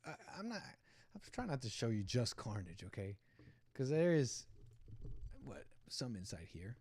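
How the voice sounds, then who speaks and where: A man's voice: mid-range voice, sing-song, unhurried, a little mellow, husky, no echo. A man hosting a livestream, giving rambling, opinionated commentary on a video clip and talking back at the people in it. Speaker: livestream host.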